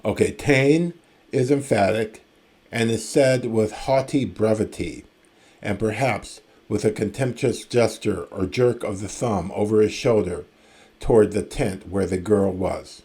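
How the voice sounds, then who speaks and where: Male classics lecturer, deep-ish voice, very slow, measured reading of ancient verse. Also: darkish tone. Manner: measured, reads verse aloud slowly, with casual asides and fillers. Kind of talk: recorded lecture reading and explaining ancient Greek.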